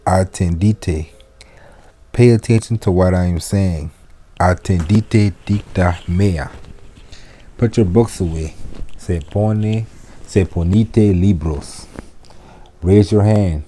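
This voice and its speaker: A man teaching spoken classroom phrases, giving each in English and then repeating it slowly and deliberately. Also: sits low, dark tone. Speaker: Latin teacher. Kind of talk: slow classroom phrase lesson.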